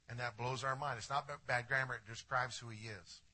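Pastor guy giving a sermon, bright edgy tone, kinda husky, gets quiet then punches words hard. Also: medium pitch, steady tone, brisk. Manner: preaching with wide swings from hushed to emphatic; addresses the congregation directly with questions.

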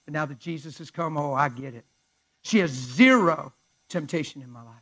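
A man pastor preaching through a personal story, fervent and conversational, often dropping to a hush. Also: on the high side, animated, normal speed, poor audio. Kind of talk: storytelling sermon.

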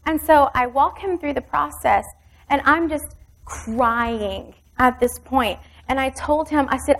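A woman's voice: high-pitched, measured pace, gravelly. A middle-aged woman pastor telling a personal story in a sermon, vivid and intimate.

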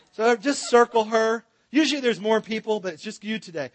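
A man's voice: high-pitched, lively intonation, normal speed. A man teaching a Bible seminar in a church, joking with and directing his audience.

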